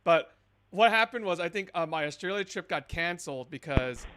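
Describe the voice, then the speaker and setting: Lively, chatty male streamer. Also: a little high, moderate pace, slight background noise. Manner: chatty, laughing asides, rambling. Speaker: scambaiting streamer. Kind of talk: live-stream commentary.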